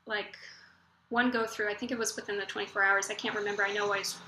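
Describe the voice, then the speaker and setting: A woman's voice: mid-range voice, level tone, quick pace, background noise. A woman book blogger chatting casually to camera, telling stories in a gushing way and often stumbling and restarting her sentences. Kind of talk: casual vlog chat. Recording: echoey room.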